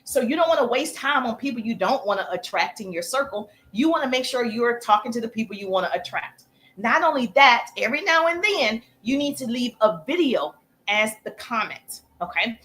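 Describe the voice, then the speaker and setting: A woman coaching viewers on a live stream, chatty and energetic, breaking off to thank viewers as she teaches. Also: a little high. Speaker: social media coach.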